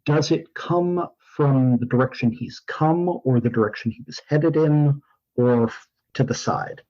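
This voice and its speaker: A man playing a tabletop game, laying out his character's moves in a measured, planning way at a middling pitch. His audio sounds dull and lo-fi. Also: darkish tone. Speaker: player.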